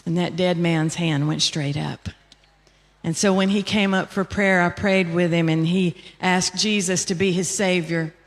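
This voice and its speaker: An American woman giving a storytelling sermon as a conference speaker, telling her story in an animated, emphatic way. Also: on the low side, measured pace. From United States. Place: conference hall. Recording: long reverb of a large hall.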